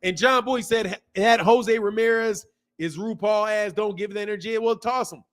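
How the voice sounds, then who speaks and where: A man hosting a boxing live stream, reading viewer comments and ranting in animated, slangy talk. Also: sits high, moderate pace. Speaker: boxing channel host.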